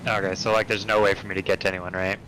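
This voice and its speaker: A man's voice: low-pitched, level tone, rapid-fire, background noise. A man playing in a tabletop game, chatting casually and asking the game master questions. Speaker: player.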